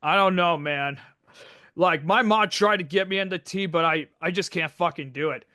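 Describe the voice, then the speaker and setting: A man's voice: high voice, normal speed, pushed and bright, no echo, clean studio sound. A young man hosting a casual podcast, brash and joking, swearing constantly. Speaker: podcast host. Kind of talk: casual profane podcast chat.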